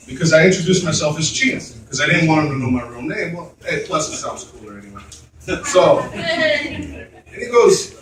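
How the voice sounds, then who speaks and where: A man doing stand-up, telling a profane story that rambles, his pitch jumping up and down as he acts out the people in it. The sound is roomy and distant, caught from the back of a club. A crowd laughs and reacts loudly behind him. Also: big pitch swings, normal speed, long pauses. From Mexican heritage. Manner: profane, rambling, many fillers. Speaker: stand-up comedian. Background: audience laughter.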